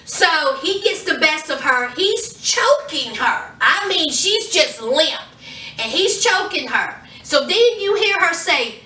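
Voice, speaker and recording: A woman recaps a TV episode for her vlog, acting out the characters' lines as she tells the story. Her voice is high and swoops widely in pitch. She sits a little way from the mic in a room with a noticeable echo. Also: big pitch swings, slow pace, pushed and bright. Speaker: TV show reviewer. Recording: roomy echo, distant from mic.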